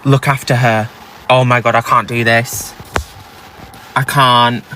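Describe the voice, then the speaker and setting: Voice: mid-range voice, flat delivery, moderate pace, fairly bright tone, slight background noise, rough recording. A TikTok creator in a parked car, frightened and panicking, swearing often and dropping to shocked whispers, talking into a phone. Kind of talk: frightened vlog to camera.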